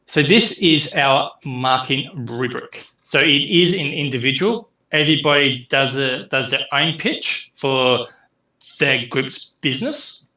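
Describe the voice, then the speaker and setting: A man's voice: mid-range voice, pushed and bright, reverberant, rough recording. A middle-aged man, teaching an online class in a chatty way full of fillers. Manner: chatty, filler-heavy, speeds up and slows down. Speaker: university lecturer.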